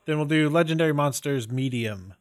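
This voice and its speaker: A man's voice: fairly high pitch, brisk. A man playing a trivia game, pondering aloud then pushing his teammate to commit. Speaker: quiz contestant. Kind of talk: casual game chat.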